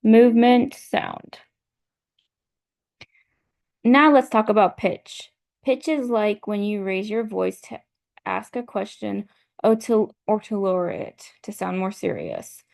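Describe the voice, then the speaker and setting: A young woman giving a class presentation, explaining a model slowly and step by step and repeating her points. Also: mid-range voice, animated, vocal fry, darkish tone. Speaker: student presenter.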